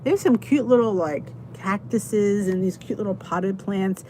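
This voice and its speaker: Her voice is middle-pitched with a dark tone and a slightly slow delivery as she hosts a relaxed live stream chat. She wanders from topic to topic, stopping to greet viewers, while a faint hum sounds in the background.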